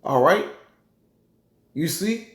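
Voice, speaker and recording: A man's voice: on the high side, lively intonation, drawn-out words. A man teaching scripture in a loose, conversational way, filling his talk with "man" and "you know". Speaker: Bible teacher. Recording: roomy echoey room.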